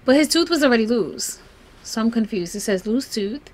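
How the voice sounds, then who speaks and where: A woman giving casual gameplay commentary in a voice pitched a little high. Her tone swings up and down freely. She chats along and coaxes her game characters like they're her kids. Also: animated, normal speed. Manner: chatty, talks fondly to her game characters. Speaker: let's play host.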